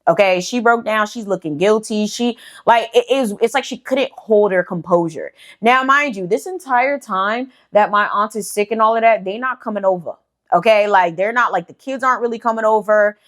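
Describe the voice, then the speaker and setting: A woman's voice: mid-range voice, moderate pace. A young woman hosting a casual storytelling vlog, chatty, swearing freely and leaning on fillers like "you know". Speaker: storytime channel host.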